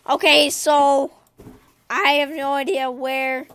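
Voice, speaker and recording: A woman hosting a gaming channel, giving excitable let's-play commentary and talking to herself as she plays, shrieking whenever she loses. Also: sits high, unhurried, pauses often. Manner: excitable, talks to herself while playing, shrieks when killed.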